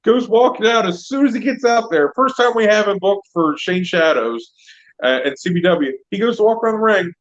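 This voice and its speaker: A man telling stories in casual podcast chat, animated and full of "like". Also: high-pitched, fairly quick. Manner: animated storyteller, heavy use of "like". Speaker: podcast guest, comedian and wrestling trainer. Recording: dull lo-fi sound.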